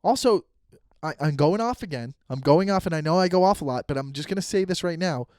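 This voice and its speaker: A man's voice: fairly high pitch, a little fast, no room sound, studio quality. A man in his thirties hosting a solo comedy podcast, ranting in a rambling, profane way and acting out quoted conversations. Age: 30s. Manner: animated, profane, rambling rants with quoted dialogue. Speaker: podcast host.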